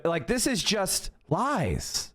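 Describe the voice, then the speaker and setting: A man's voice: high voice, huge pitch swings, slow pace, a bit bright. Indignant, profane male streamer. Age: middle-aged. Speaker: livestream host. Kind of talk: heated livestream rant to chat.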